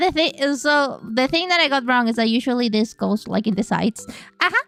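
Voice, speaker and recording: Chatty streamer woman with a smooth voice. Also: a little high, animated, measured pace, a bit bright, soft background music. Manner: playful, chatty, swears freely. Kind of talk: casual live-stream chat.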